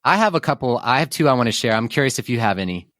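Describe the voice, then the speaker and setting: A man's voice: mid-range voice, expressive, very fast, fairly bright tone, no room sound. Upbeat male podcast host, dry sound. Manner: upbeat, chatty storyteller. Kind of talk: casual interview chat.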